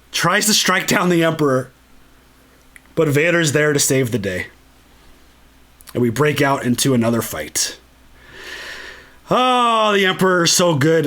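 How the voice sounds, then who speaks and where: A man's voice: a little high, fairly bright tone. A man hosting a casual movie commentary, enthusiastic and freely swearing. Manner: enthusiastic and profane. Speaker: channel host.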